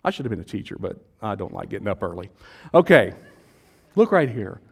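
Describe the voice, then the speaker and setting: A man's voice: on the low side, very animated, brisk, creaky, a little mellow, slightly rough. A male pastor, preaching in a casual, joking way and acting out voices from the crowd. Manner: playful, jokey, acts out voices of the crowd.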